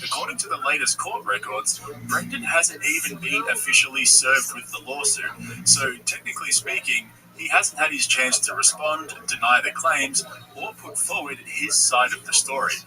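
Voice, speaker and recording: Fields: Sex: man. Style: sarcastic scripted commentary. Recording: distant, crowd noise behind. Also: mid-range voice. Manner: sarcastic, mocking, with careful legal disclaimers. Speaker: commentary channel host.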